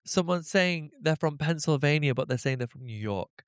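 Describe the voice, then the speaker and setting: A British man chatting casually as a podcast guest, gossipy and quick to laugh at himself. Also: on the high side, animated, clear, resonant tone, no room sound, studio quality. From Britain. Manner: chatty, gossipy, self-deprecating. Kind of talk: casual chat.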